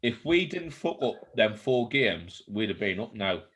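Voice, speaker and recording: A man's voice: fairly low pitch, sing-song, measured pace, crowd noise. A man, co-hosting a casual chat about football, blunt and swearing freely. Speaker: podcast co-host. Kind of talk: casual banter.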